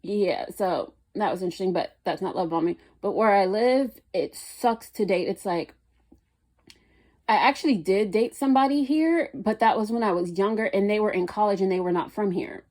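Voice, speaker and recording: A woman's voice: medium pitch, normal speed, darkish tone. A young woman telling a rambling, blunt story about dating, often exasperated as she quotes people.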